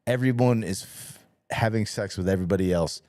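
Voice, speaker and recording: A man's voice: fairly low pitch, a little fast, a little mellow. A man hosting a podcast in casual chat, telling stories with lots of swearing and acting out both sides of each exchange. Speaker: podcast host.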